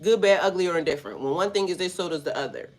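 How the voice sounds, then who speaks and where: A woman's voice: fairly low pitch, lively intonation, rapid-fire. A woman vlogger giving casual spiritual talk, rambling through rhetorical questions with slangy asides.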